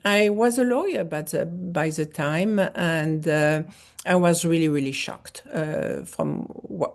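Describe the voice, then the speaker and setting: French-accented woman, lowish voice. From France. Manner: halting, many fillers and restarts. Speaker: foundation founder, guest. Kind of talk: interview conversation.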